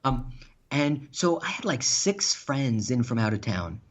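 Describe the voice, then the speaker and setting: A man's voice: medium pitch, unhurried. Man animatedly telling funny stories. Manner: animated, laughs while telling anecdotes. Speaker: podcast guest. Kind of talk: casual storytelling. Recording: dull lo-fi sound.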